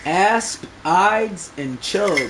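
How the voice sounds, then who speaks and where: A man's voice: high-pitched, expressive, drawn-out words, a bit bright, slight background noise, poor audio. A young man streaming a fishing game, bragging and swearing in loose slang as he talks to his chat. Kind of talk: live gameplay commentary.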